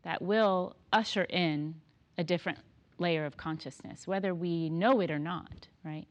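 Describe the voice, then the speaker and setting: A woman in her thirties telling stories in casual conversation, laughing often and animated. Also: lowish voice, unhurried. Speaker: guest.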